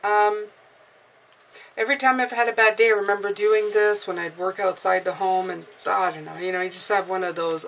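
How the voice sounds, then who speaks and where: A woman tarot reader giving an encouraging, casual spiritual pep talk, often repeating herself and breathing deeply aloud. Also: steady tone, moderate pace, fairly bright tone. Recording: mic at a distance, faint background noise.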